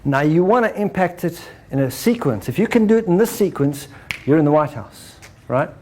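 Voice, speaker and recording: A man's voice: a little high, expressive, moderate pace, darkish tone, a little hiss or hum. A man presenting a spiritual talk to a live audience in a casual style, often checking in with "right?". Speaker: speaker presenting his book and method.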